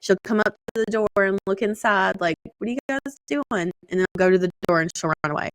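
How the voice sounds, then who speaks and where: A woman's voice: mid-range voice, lively intonation, a little fast, dry recording. A woman in her thirties chatting casually, talkative, laughing often and swearing freely. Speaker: podcast co-host. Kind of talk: casual chat.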